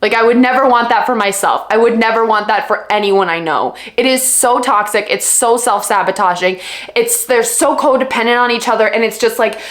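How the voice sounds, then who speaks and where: A woman book vlogger in a casual, animated rant, exasperated and emphatic, repeating words for effect. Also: on the high side. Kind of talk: casual reading vlog rant. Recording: echoey room with faint music.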